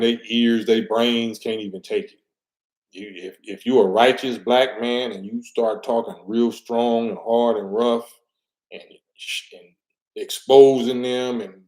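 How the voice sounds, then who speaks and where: A man's voice: mid-range voice, darkish tone. A middle-aged man giving an emphatic, preachy street-talk monologue and repeating his words as he commentates. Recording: roomy echo.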